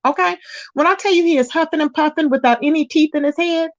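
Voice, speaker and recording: A woman hosting a livestream, chatting in a sassy, drawn-out way, greeting viewers and gossiping straight to her chat. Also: high-pitched, muffled recording. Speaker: livestream host. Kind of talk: casual gossip commentary.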